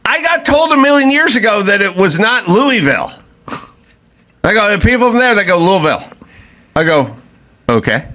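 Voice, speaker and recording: A man hosting a podcast in casual chat, telling animated stories and acting out other people's lines. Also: sits high, moderate pace. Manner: fired up, emphatic. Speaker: podcast host.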